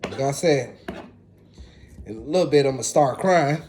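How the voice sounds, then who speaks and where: A man's voice: medium pitch, animated, moderate pace, darkish tone. A man, chatting casually to viewers in a laid-back way while he cooks. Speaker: home cook. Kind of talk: casual cooking vlog.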